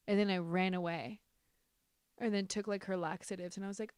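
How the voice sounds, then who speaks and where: A woman's voice: medium pitch, normal speed, pauses often, smooth, no echo, studio quality. A young adult woman hosting a podcast, reading online stories aloud and breaking off into heated, profane reactions. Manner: animated, swears often, reacts heatedly while reading. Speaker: podcast host. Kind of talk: casual podcast chat reading reddit stories.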